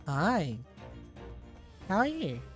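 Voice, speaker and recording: A woman streamer chats casually while playing, rambling and giggling between thoughts. Her voice is notably low for a woman. Soft music plays faintly underneath. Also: huge pitch swings, drawn-out words. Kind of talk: casual game-stream chat.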